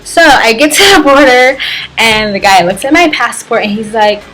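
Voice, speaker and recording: An American travel vlogger, a young woman, gives an animated retelling of a trip, acting out the dialogue and saying "like" constantly. Her voice is a little high, her pace is normal, and soft music plays behind her.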